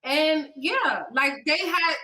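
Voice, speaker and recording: A woman's voice: high voice, takes it slowly, crowd noise, rough recording. A woman hosting a podcast in casual chat, talking loosely with many ums and restarts. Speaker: podcast host.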